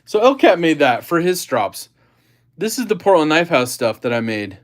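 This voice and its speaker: A man chatting casually on his own livestream, speaking in a somewhat higher voice. He reads viewer comments aloud and drifts into quick, apologetic asides. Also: sing-song. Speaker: livestream host.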